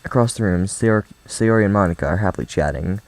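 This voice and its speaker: A man's voice: low-pitched, quick pace, no echo, low-quality recording. A man hosting a let's play, reading a visual novel aloud and adding casual, joking asides.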